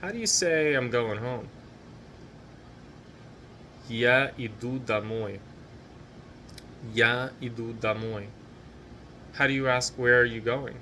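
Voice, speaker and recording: A man teaching a language lesson, speaking slowly and patiently and repeating each phrase. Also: medium pitch, pushed and bright, a little hiss or hum. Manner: patient, slow drilled repetitions of each phrase; encouraging.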